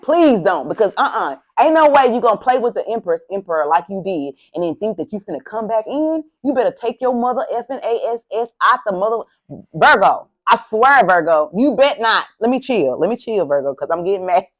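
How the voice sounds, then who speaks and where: Mid-range and lively in intonation, this tarot reader talks fairly quickly over a rough recording. Facing the camera mic, she gives a casual, sassy, profane reading aimed at the viewer, very animated throughout.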